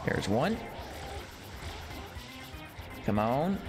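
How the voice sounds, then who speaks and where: A male streamer talks casually through a classic game, cheering small wins and muttering to himself. His pitch is lively and animated, with game music faintly audible underneath. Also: extremely slow. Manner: excitable, chatty, easily delighted. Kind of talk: casual gameplay commentary.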